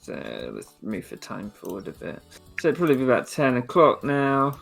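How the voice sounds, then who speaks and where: Woman game master, low and gravelly, relaxed narration over faint music. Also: moderate pace. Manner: laid-back, giggly.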